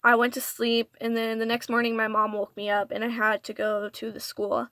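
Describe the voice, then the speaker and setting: A woman's voice: fairly high pitch, monotone, moderate pace, fairly bright tone, dry recording. A young woman telling a personal storytime in an earnest, confessional way. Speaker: vlogger. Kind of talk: storytime vlog.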